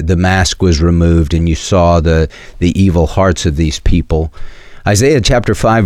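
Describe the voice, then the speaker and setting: A Southern man with a very deep, low voice delivers preachy talk-radio commentary. He speaks earnestly, stumbles through fillers and restarts, and sounds close and dry on the mic. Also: a little mellow, clean tone, dry recording. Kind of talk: opinion commentary with scripture.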